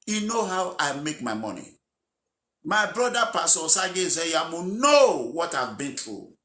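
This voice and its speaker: An emphatic man airs his grievances as a politician. His pitch swings in a lively way and his voice is bright and forceful. The room is echoey. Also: moderate pace. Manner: aggrieved, emphatic. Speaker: aggrieved politician. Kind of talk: recorded speech.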